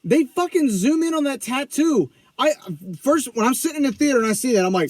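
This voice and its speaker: A man's voice: extremely high pitch, very animated, brisk, few pauses, a little mellow. A man co-hosting a podcast, giving blunt, profane opinions in casual film-review chat. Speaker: podcast co-host.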